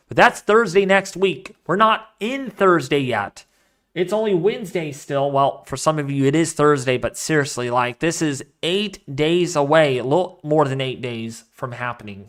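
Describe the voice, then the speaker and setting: A man hosting a live weather stream, talking casually and excitably, rambling off into asides while reading the models and the chat. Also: a little high. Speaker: weather livestream host.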